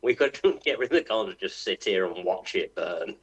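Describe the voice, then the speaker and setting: A man at a tabletop game with a fairly low voice. He makes dry, wry remarks and laughs at his own jokes. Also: animated, brisk, slightly rough. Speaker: player.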